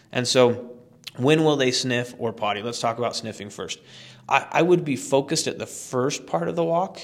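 A man explains dog training mistakes in a chatty, instructional podcast style. His voice sits at a middling pitch. He talks emphatically, with loose fillers and restarts.

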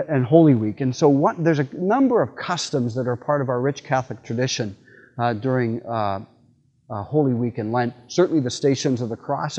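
Priest in a church, middle-aged man, relaxed storytelling, fillers, slightly dull sound. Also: medium pitch. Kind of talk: homily with storytelling. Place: church sanctuary.

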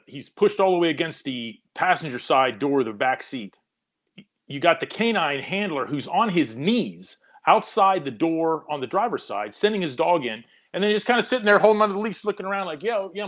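A man's voice: a little high, brisk. A man, a police corporal on a panel show, ranting in exasperated, scornful casual chat about a scene he watched. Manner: exasperated, scornful, animated storytelling.

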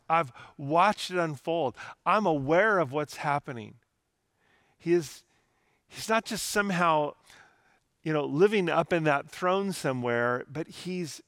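A man's voice: fairly high pitch, a bit bright, dry recording, clean studio sound. A middle-aged man preaching a sermon as pastor, earnest and conversational, mixing personal stories with scripture.

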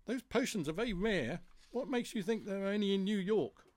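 A man's voice: high-pitched, expressive, a little fast, a little mellow, no room sound, pitched above the performer's own voice. A man voicing a blunt, sardonic mother carpenter bee in a storybook.

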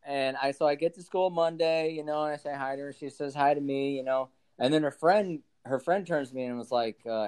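A man's voice: medium pitch, animated, fairly quick, few pauses, a little mellow, clear, resonant tone. A man co-hosting a podcast, rambling through a story in casual chat with lots of fillers and restarts. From Illinois. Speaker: podcast co-host.

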